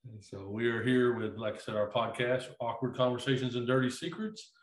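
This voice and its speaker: A man's voice: mid-range voice, brisk. A middle-aged man co-hosting a podcast in casual chat, rambling and repeating himself. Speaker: podcast co-host. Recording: echoey room.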